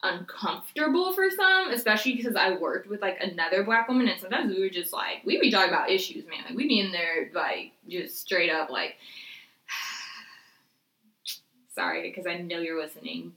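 A woman's voice: medium pitch, lively intonation, moderate pace, pushed and bright, reverberant, rough recording. A young woman in casual chat who speaks bluntly and swears freely.

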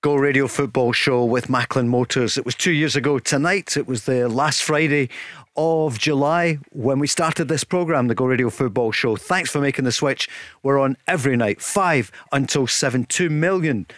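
A man hosting a radio football phone-in, chatty and quick to laugh, leading the talk. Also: medium pitch, fairly bright tone, no echo. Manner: chatty, laughs easily, leads the conversation. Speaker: radio show host. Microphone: studio mic.

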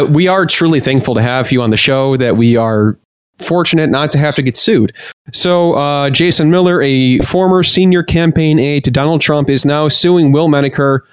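A man's voice: on the high side, smooth, dry recording. A man hosting a casual comedy podcast, joking around and reading out news items with plenty of fillers. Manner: jokey, reads news items aloud with many fillers. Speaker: podcast host.

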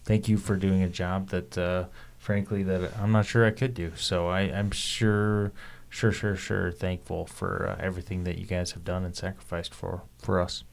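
A man co-hosting a medical podcast in a casual, halting way, with many filler words. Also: deep voice, level tone, gravelly. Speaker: podcast co-host, emergency physician.

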